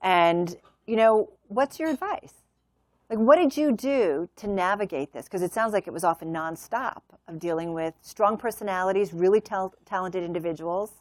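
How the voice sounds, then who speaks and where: A woman hosts a conversation and nudges her guest along with questions. Her voice is at a mid pitch. It is dry and close on a studio mic. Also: moderate pace, darkish tone, no echo. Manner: engaged, prompting questions, laughs easily. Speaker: interview host. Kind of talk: conversational interview.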